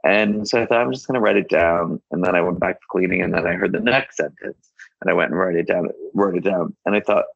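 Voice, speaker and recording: A deep-voiced man tells a rambling personal story as an interview guest, restarting his sentences and acting out quoted lines. His voice is gravelly and husky. The sound is dry and a bit dull, like lo-fi podcast audio. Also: fast talker, no echo. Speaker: guest author. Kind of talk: casual anecdotal storytelling.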